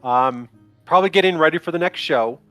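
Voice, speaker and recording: A man narrating as dungeon master of a tabletop game, in a relaxed, halting way. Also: fairly high pitch, no room sound, soft background music.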